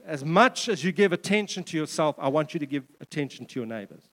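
A man's voice: a little high, lively intonation, quick pace, a bit bright, big-room sound. A man preaching a sermon in a conversational way, with joking asides and repeated words. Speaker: pastor.

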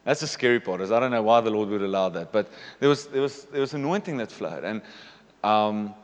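A man's voice: lowish voice, expressive, fairly quick, long reverb tail. A man in his thirties, a pastor giving a confessional personal testimony during a sermon, often checking in with "okay?". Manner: confessional, repeats "okay?" to the congregation. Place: church hall.

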